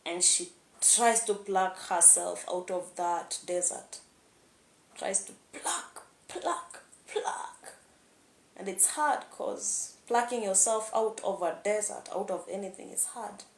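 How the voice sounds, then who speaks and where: A woman's voice: medium pitch, fairly even intonation, a little slow. A young woman talking candidly in a rambling vlog monologue, laughing often. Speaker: vlogger. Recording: echoey room.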